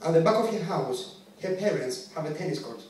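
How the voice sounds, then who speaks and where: A man in his late twenties doing a stand-up set from a club stage, with brash, profane, animated storytelling. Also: fairly high pitch, a little fast, slight background noise. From Greek family. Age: late 20s. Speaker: stand-up comedian. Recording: echoey venue heard from a distance. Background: audience laughter.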